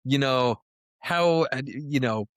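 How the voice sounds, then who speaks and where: A man's voice: medium pitch, slow pace, a bit bright, dry recording, clean studio sound. A man co-hosting a soccer podcast in casual chat, rambling and profane with plenty of "uh" fillers. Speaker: podcast co-host.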